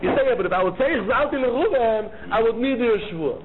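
A man teaching a Talmud lecture, arguing both sides of the case in an animated way and repeating key phrases. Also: very high-pitched, a little fast. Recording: tinny phone-like line with faint noise.

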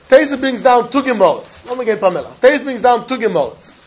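Man with a Yiddish-inflected English accent, Talmud teacher, high husky voice, sing-song cadence, muffled lo-fi recording. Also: fast talker. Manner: animated sing-song learning cadence, mixing Yiddish and Hebrew. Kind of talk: Talmud lecture.

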